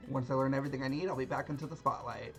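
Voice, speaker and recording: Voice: mid-range voice, steady tone, rapid-fire, soft background music, lightly acted. A woman reading as a folksy young dancer. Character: cheerful hard-of-hearing young female dancer.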